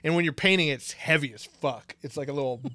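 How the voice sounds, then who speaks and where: A man's voice: a little high, fast talker, bright, forceful tone, no room sound. A man chatting casually on a podcast, laid-back, laughing often and using lots of fillers. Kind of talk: casual chat.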